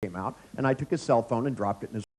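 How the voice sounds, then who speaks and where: A man's voice: medium pitch, fast, a little mellow. A man leading a live workshop in front of an audience, telling blunt, irreverent stories and laughing often. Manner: joking storyteller, laughs often. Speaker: workshop trainer.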